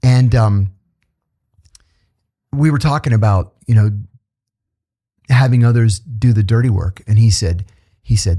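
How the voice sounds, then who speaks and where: A man's voice: fairly low pitch, unhurried, long pauses. A middle-aged man in a casual podcast interview, telling stories and acting out the voices of the people he quotes. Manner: animated storyteller who acts out the quoted voices. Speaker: interview guest, former intelligence officer.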